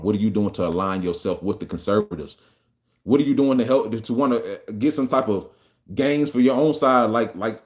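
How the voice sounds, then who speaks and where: A podcast host with a lowish, darkish-toned voice delivers an opinion rant about politics. He's profane, combative, and mocking throughout.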